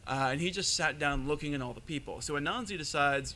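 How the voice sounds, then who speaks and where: A man tells a folk tale to a live audience in an animated, joking way, with the odd "uh" along the way. His voice is bright and sits a little high for a man. He was recorded live at a panel in a convention room. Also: quick pace, a little hiss or hum. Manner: animated, jokey retelling with fillers. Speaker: panelist storyteller.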